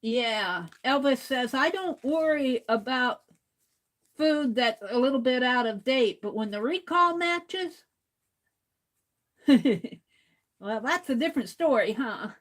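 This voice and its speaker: A woman's voice: sits high, animated, takes it slowly. A woman hosting an art livestream, chatting casually while she draws and reading viewer comments aloud with easy laughter.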